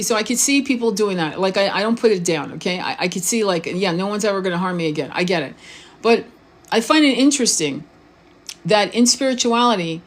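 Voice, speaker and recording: A woman spiritual coach and tarot reader talking in a casual live-stream monologue, blunt and informal, swearing freely, restarting words and often asking the viewer questions. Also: mid-range voice.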